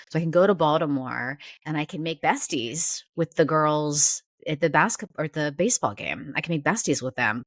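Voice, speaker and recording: A woman podcast host talking through her inner parts in a halting, searching way, close to tears. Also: sits low, no echo. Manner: halting, searching, many restarts. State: near tears. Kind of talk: reflective therapy conversation.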